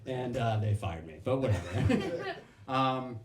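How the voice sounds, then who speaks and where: A man's voice: medium pitch, slow, background noise. A young man doing a stand-up comedy set on a club stage, swearing freely and acting out the people in his stories. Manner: animated, swearing, acting out quoted voices. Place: comedy club stage before a laughing crowd. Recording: roomy club sound with crowd laughter.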